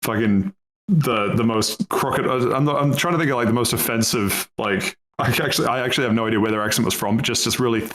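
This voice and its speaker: A man's voice: medium pitch, quick pace, fairly bright tone, poor audio. A young man chatting casually on a podcast, rambling with lots of fillers, laughing often and swearing freely. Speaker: podcast co-host.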